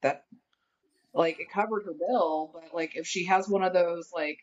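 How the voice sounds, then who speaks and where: A woman telling a workplace story in a casual podcast chat, animated and acting out what people said. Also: fairly low pitch, measured pace, highs cut off, slight background noise. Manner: animated, acts out quotes while telling a story. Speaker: guest friend.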